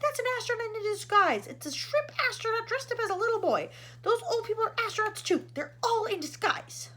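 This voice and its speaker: Woman playing a male ground controller, frantic, bossy, yelling, high-pitched, storybook reading. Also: lively intonation, fairly quick. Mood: frantic shouting.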